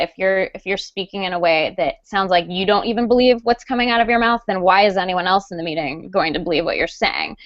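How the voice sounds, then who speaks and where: A woman guest speaking in a casual live video chat, chatty and animated with frequent ums. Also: medium pitch, no echo. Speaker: guest author. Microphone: video call. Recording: dull lo-fi online call audio.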